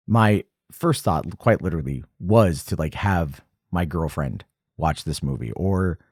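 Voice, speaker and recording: A man in his forties hosting a casual film commentary, animated and jumping high in pitch when excited. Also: dry recording, clean studio sound. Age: 40s. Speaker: podcast host.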